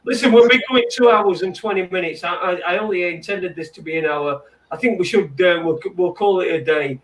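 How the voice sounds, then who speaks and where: Guy hosting a late night chat, high voice, stammers and swears, mic kinda far away. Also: fairly quick, fairly bright tone, a little hiss or hum. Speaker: host. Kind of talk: casual banter. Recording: distant from the mic.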